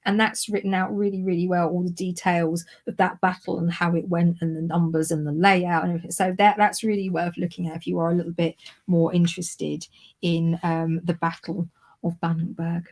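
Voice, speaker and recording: A woman's voice: lowish voice, level tone, brisk, darkish tone. A woman hosting a history livestream, chatting casually and laughing at herself over a video call. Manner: chatty, self-deprecating, laughs often. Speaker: history podcast host.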